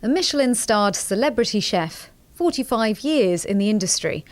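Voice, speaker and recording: A woman's voice: mid-range voice, dry recording. A woman reporter reading a scripted news report voice-over. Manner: lively, measured narration.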